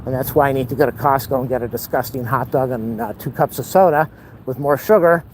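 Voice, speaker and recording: Holding the camera as he walks outdoors, the man rambles casually with a wry, blunt edge. His mid-range voice is a little fast and slightly mellow, and the rough recording carries some hiss or hum.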